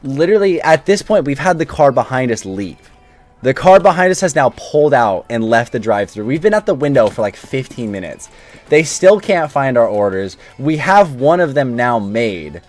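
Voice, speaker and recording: A man's voice: mid-range voice, big pitch swings, normal speed, soft background music. A man hosting a gaming video, casually telling a long, self-deprecating story while he plays. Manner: chatty, self-deprecating, apologetic anecdote.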